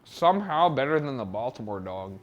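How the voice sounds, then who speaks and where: A man's voice: mid-range voice, big pitch swings, a little fast, dull audio. Profane, rambling male streamer cooking at home. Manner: profane, rambling, talks back to chat. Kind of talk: casual live-stream chat while cooking. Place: home kitchen. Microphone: wired mic.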